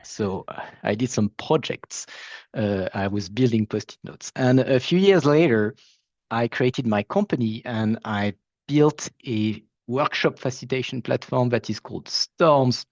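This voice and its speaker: A man's voice: medium pitch, measured pace, a little mellow, no room sound. French man on a muffled video call. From France. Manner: self-deprecating, chatty, with hesitations. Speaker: founder of a facilitation platform, panel guest. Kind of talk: casual panel conversation.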